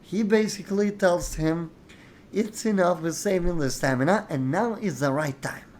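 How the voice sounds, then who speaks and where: A man's voice: high voice, moderate pace, darkish tone, a little hiss or hum. Opinionated man arguing his case. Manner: opinionated, explains at length, quotes characters. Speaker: host. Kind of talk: casual discussion.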